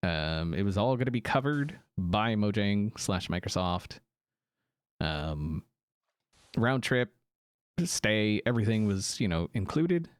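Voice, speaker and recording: A man's voice: lowish voice, very animated, slow pace, smooth, dry recording. A young man streaming a game, chatting casually with viewers in a slightly sick voice with a lingering cough, rambling with ums and laughs. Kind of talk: casual livestream chat answering viewers.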